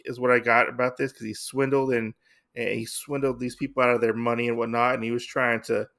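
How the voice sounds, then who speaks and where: Male comic-podcast host, gravelly voice, casual rambling recap style. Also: mid-range voice, a bit bright. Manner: rambling, heavy on fillers.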